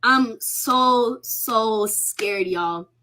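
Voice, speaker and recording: Speaking very slowly in a high, bright, pushed voice, a young woman in college shares her arrest story casually on a livestream. She's shaken, openly emotional, swears a lot, and seems about to cry.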